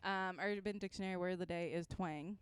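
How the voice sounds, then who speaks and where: A woman's voice: lowish voice, steady tone, a little fast, a little hiss or hum. A woman co-hosting a casual podcast, giggly while reading aloud. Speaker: podcast co-host.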